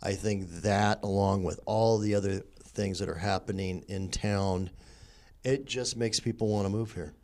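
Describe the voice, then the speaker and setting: A man co-hosting a casual podcast in a small office studio, making dry, low-key remarks. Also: steady tone, normal speed, a little mellow. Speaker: co-host.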